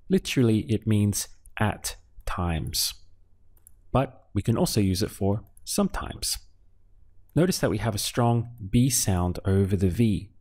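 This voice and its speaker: A man with a fairly low voice leads a calm, unhurried lesson. He talks very slowly and breaks words into syllables. Each question is followed by a pause. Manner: patient, asks questions then pauses for answers. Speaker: Spanish teacher. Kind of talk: slow step-by-step language lesson.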